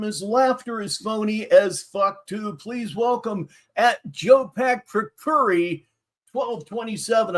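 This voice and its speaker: A man hosting a livestream, commenting on a clip in a profane, contemptuous and sarcastic way. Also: sits high. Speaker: host commentator.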